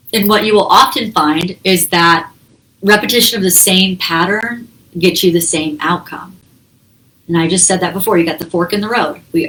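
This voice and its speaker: A woman's voice: mid-range voice, pushed and bright, poor audio. A woman hosting a self-help talk, explaining in a casual, conversational way with frequent laughs and quoted examples. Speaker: self-help channel host.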